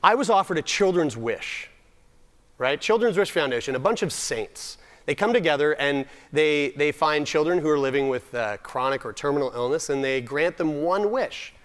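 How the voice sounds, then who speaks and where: A man's voice: fairly high pitch, expressive, moderate pace. A young man from Nova Scotia giving a humorous personal storytelling talk at a summit, self-deprecating with comic timing and frequent restarts. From Nova Scotia, Canada. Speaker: summit speaker.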